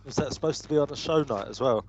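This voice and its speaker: A man co-hosting a radio chat, speaking in hesitant, halting bits. His mic sounds dull and lo-fi. A faint hiss sits underneath. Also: medium pitch, darkish tone. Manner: hesitant, short interjections. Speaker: radio co-host. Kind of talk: casual chat.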